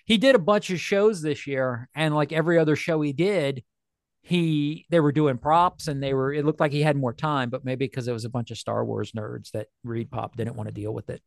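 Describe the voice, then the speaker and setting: A man's voice: medium pitch, steady tone, moderate pace, gravelly, dry recording, clean studio sound. A man co-hosting a collectibles podcast in casual chat, joking and laughing often. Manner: jokey, laughs often, slips into silly impressions. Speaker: podcast co-host.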